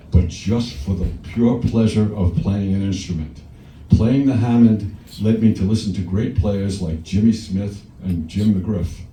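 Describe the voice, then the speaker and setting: A man's voice: on the low side, mellow, a little hiss or hum. A man from Long Island giving a joking, anecdotal induction speech at a podium, laughing between stories. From Long Island, New York. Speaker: inducting presenter at a hall of fame ceremony. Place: large event hall. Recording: echoey hall recorded from far off.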